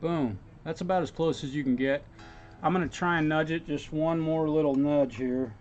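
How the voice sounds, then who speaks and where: A man's voice: on the high side, fairly even intonation, normal speed, darkish tone, muffled recording, soft background music. Chatty man thinking aloud at his workbench. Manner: thinks aloud while working, chats to viewers. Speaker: guitar repair technician. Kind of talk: casual workshop stream talk. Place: repair workshop.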